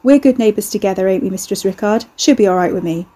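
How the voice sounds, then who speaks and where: A woman's voice: medium pitch, quick pace, dark tone, natural voice. A woman voicing a leering Cockney troublemaker. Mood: taunting. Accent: put-on Cockney. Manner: taunting, brash, leering. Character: leering, mocking British man, troublemaker.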